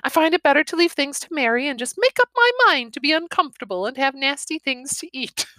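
A woman's voice: high-pitched, expressive, quick pace, bright, forceful tone, dry recording, pitched above the performer's own voice. A woman reading aloud and voicing a carefree, teasing young vicar's wife in a storybook. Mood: breezy. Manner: breezy and teasing.

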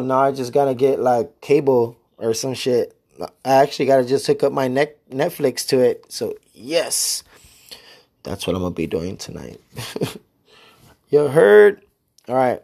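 A man's voice: medium pitch, a little mellow. A man hosting his own podcast alone, talking in a laid-back, rambling way full of slang and swearing. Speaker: podcast host. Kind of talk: casual solo podcast chat.

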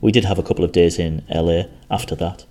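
Deep-voiced, chatty male podcaster. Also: steady tone, fast talker, warm tone, faint music behind. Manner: chatty, rambling, self-deprecating. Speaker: podcast host. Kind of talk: casual solo podcast.

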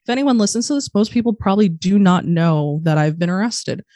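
A young adult woman on a podcast, candidly telling a personal story in a profane, animated way and acting out the voices of the people in it. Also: mid-range voice, fairly quick, no room sound. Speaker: podcast guest.

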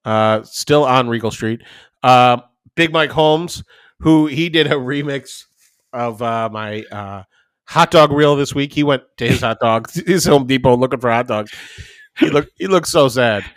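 A man's voice: medium pitch, measured pace, fairly bright tone, dry recording, studio quality. Swearing, rambling podcast co-host man. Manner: rambling, swears freely, tells stories with voiced quotes. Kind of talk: casual chat.

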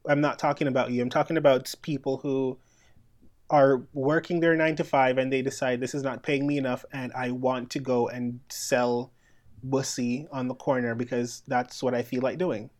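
A man from Canada co-hosting a casual podcast, his voice sitting at a middling pitch. He talks in an animated way, laughs often and slips into playful quoted voices. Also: normal speed. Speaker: podcast co-host. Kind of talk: casual chat.

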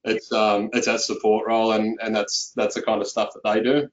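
Man, low voice, flat delivery, casual interview, dull audio. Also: normal speed. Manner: relaxed, many "you know" fillers. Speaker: accountant, guest. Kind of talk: conversational interview.

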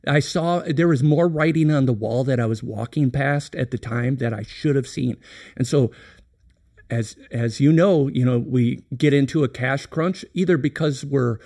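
A man's voice: medium pitch, normal speed, a little mellow. A middle-aged man talking candidly on a business podcast, telling a reflective, earnest story with many restarts. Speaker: company president, podcast guest.

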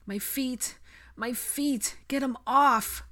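A woman's voice: high voice, takes it slowly, pushed and bright, voice pushed up, heavily acted. A woman voicing a feverish, delirious young wizard who cries out in panting panic. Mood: panicked.

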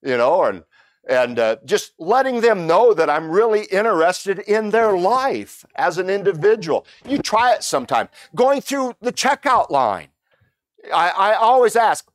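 A middle-aged pastor delivers a casual Sunday sermon in a fairly high voice. He talks in a folksy, stop-and-start way, often repeating words. The sound is close and dry, with little room echo. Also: very animated, a little slow.

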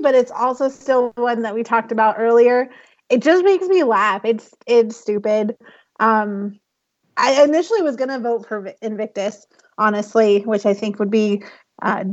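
A woman on a podcast panel over a call, lively and emphatic as she argues her picks. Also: on the high side. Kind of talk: casual podcast chat. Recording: dull lo-fi call audio.

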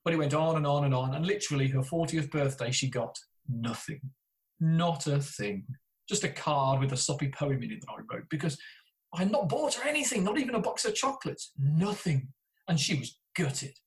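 Heard on a rough recording, a middle-aged British man with a fairly high, very animated voice speaks at a moderate pace. He's a therapist and podcaster being interviewed, chattily telling candid stories that poke fun at himself, with frequent restarts.

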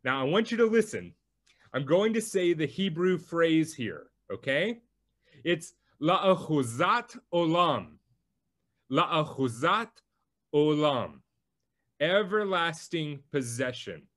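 Guy preaching a sermon, takes his time, pitch jumps around a lot, leans hard on key words. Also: big pitch swings. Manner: slow, emphatic teaching delivery. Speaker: pastor.

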